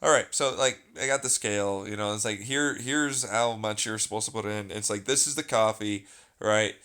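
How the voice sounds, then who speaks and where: A man's voice: fairly low pitch, normal speed, fairly bright tone, clear, resonant tone. A man talking casually and at length, ranting with plenty of swearing and a sarcastic edge. He rambles from point to point, restarting thoughts as he goes.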